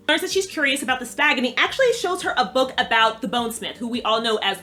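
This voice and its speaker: A woman's voice: a little high, fast, few pauses, pushed and bright, faint music behind. A woman giving a casual, chatty recap of a TV episode, laughing often and using slangy, profane asides. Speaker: TV recap reviewer.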